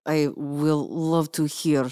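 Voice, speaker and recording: A prim young noblewoman speaks slowly with genteel insistence, as a woman acts her out. Her voice sits very low. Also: flat delivery, mellow, clean tone.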